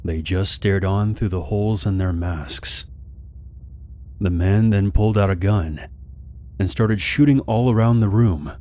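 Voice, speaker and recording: Deep-voiced guy reading creepy stories, calm and steady. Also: unhurried. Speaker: horror story narrator. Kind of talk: scripted narration.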